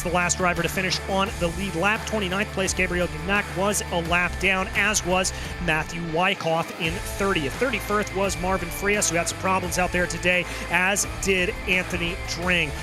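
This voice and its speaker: A man calling an online race in a high, bright voice. He rattles through the finishing order and then questions the drivers. Loud music plays under him. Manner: rapid results rundown, interviewing drivers. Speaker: race commentator. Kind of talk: play-by-play sim racing commentary.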